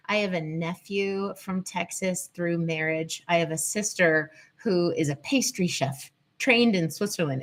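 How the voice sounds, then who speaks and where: A woman hosting a live-stream lesson, chatting and greeting viewers as she goes. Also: on the low side. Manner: chatty, digressive, greets viewers mid-talk. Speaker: host and teacher on the nervous system. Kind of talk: live-stream teaching talk. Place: at home in Colorado.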